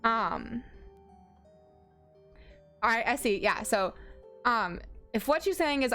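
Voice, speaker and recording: A woman's voice: mid-range voice, takes it slowly, pauses often, a bit bright, smooth. A young woman streaming a story game, chatting casually and giggling as she reads chat aloud. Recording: faint music behind.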